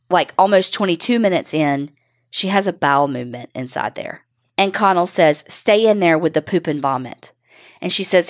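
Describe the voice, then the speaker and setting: Blunt, swearing woman telling a true story. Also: fairly low pitch. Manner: blunt, swearing, reads quotes aloud. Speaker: podcast co-host telling a true crime story. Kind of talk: casual storytelling from a transcript.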